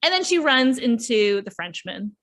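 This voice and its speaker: A young woman hosting a casual book-review podcast, animated and quick to act out characters' lines. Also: fairly high pitch. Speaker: podcast host reviewing books. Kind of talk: casual chat.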